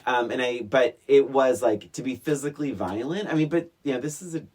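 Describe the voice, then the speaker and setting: A man's voice: medium pitch, brisk. A man co-hosting a podcast, chatting casually and sharing behind-the-scenes film trivia, often trailing off mid-thought. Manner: relaxed, shares film trivia, trails off and restarts. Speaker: podcast co-host. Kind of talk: casual chat.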